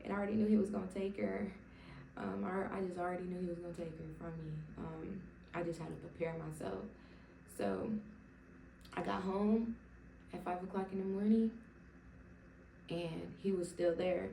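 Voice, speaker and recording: A young woman tells her faith testimony in a loose, emotional ramble, stacking up fillers and restarting her sentences. Her voice is low for a woman and gravelly with fry, with a mellow, dark tone. She sits back from the mic in a roomy space with a faint ambient hum behind her. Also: fairly even intonation, moderate pace, long pauses, recorded from a distance. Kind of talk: personal testimony told casually to camera. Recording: roomy sound from away from the mic.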